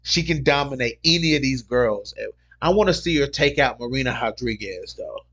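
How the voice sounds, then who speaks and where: A man hosting a casual MMA livestream, reading viewer comments aloud and talking in an excitable, slangy way that loops back on the same point. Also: medium pitch, moderate pace, muffled recording. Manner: excitable, repeats himself, slangy.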